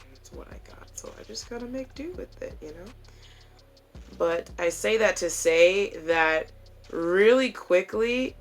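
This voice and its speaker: A woman's voice: lowish voice, fairly bright tone. A young woman vlogging casually to her phone camera while doing her makeup at home, chatty, joking and candid, with plenty of swearing.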